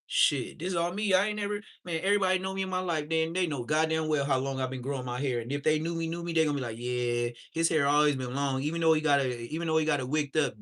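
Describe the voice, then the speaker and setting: A man's voice: a little high, fairly bright tone. A man from Southern California hosting a livestream, reacting in casual slangy chat and laughing a lot. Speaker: livestream host.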